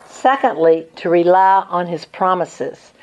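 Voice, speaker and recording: An older woman giving an earnest, measured Christian teaching talk, reading scripture passages aloud. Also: fairly low pitch, darkish tone, low-quality recording. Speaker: Christian speaker.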